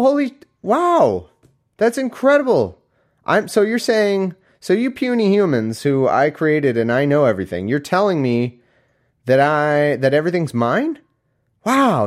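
A man doing a squeaky, flabbergasted God. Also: animated, normal speed, natural voice. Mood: mock surprise. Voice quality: high-pitched, exaggeratedly surprised. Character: bewildered, sarcastic mock version of God, male.

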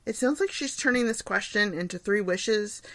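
A woman's voice: medium pitch, expressive, normal speed, fairly bright tone, no room sound. A woman in her forties hosting a casual solo podcast, chatty and self-deprecating, laughing often as she answers questions. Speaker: podcast host. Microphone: home recording setup.

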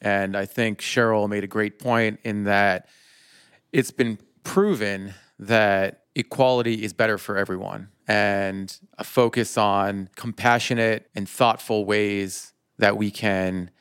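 Male podcast host, lowish voice, friendly and chatty, dry close sound. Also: clean tone, no room sound. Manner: friendly, thanks guest warmly, laughs at own slips. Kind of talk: casual interview talk.

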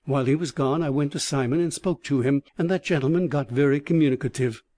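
A man reading a first-person novel aloud in a steady, clear narration. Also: medium pitch, fast talker, dry recording. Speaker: audiobook reader.

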